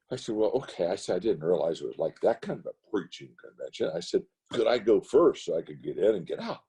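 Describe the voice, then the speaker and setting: An older man speaks as a pastor in a roundtable conversation. His voice is husky and mellow, with a very lively pitch that leaps high when he gets worked up. He preaches through anecdotes. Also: fast, hardly any pauses. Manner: animated, rising to high emphatic rants. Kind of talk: roundtable talk, preacherly storytelling. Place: video call.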